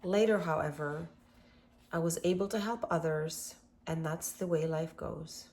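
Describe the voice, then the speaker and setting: A woman hosting a self-love workshop, leading a guided meditation with gentle, affirming words in a calm manner. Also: low-pitched, measured pace.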